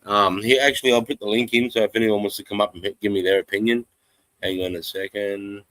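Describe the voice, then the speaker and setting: A man's voice: on the low side, steady tone, quick pace, a bit bright, no room sound, low-quality recording. An Australian man hosting a casual live stream, rambling, swearing freely and reading out chat comments. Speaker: livestream host. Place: home in the countryside.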